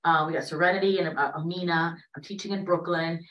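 A woman's voice: fairly low pitch, steady tone, fast, fairly bright tone. A woman in her late thirties telling a personal story on a discussion panel, chatty and often asking "right?". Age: late 30s. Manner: conversational, tags sentences with "right?". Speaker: panelist in a dialogue gathering. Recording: roomy, from a distance to the mic.

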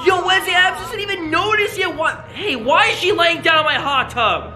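Very high-pitched shouty reaction host. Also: a little fast. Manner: shouty, gasping, breathless excitement. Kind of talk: excited reaction commentary. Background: background music.

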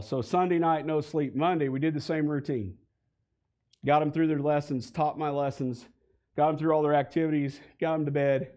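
A man's voice: on the high side, darkish tone. Man telling a church testimony. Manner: storytelling, conversational, rising to heated emphasis. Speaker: guest speaker giving a testimony. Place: church sanctuary.

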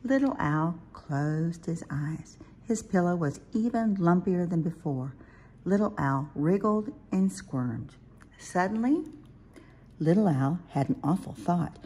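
A woman reading a children's picture book aloud in a gentle, lilting, expressive way. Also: on the low side, takes it slowly, breathy edge. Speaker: storybook reader.

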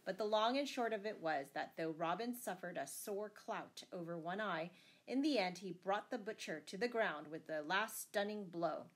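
Woman, audiobook narrator, steady storybook reading, mid-pitched voice. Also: moderate pace. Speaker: audiobook reader.

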